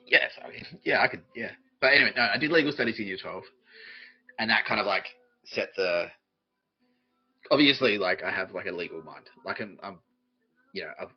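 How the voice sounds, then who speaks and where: A man's voice: fairly low pitch, animated, normal speed, long pauses, husky, muffled recording. An Australian man hosting a podcast, answering listener questions in a rambling, profane way and laughing often at himself. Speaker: podcast host.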